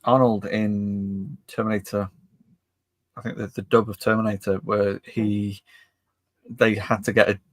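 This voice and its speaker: A British man co-hosting a casual podcast, speaking haltingly with restarts and short agreeing replies. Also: fairly low pitch, little pitch movement, no echo. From United Kingdom. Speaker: podcast co-host.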